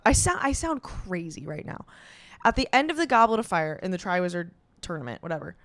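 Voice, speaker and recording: Smooth-voiced young woman doing stand-up. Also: on the high side, no room sound. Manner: animated, swearing, quick asides and restarts; sarcastic rants. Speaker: comedian. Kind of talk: stand-up comedy.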